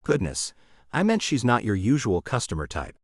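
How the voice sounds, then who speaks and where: A man's voice: mid-range voice, wildly swooping pitch, normal speed, dry recording, studio quality. A man reading an audiobook, voicing an imperious, nosy older woman who plays matchmaker. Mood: imperious, sly. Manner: imperious, sly. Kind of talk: audiobook character voice.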